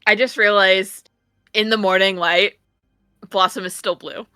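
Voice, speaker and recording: A woman playing a character in a tabletop role-playing game, animated and chatty, swearing casually. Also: medium pitch, measured pace, clean tone, no echo. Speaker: player.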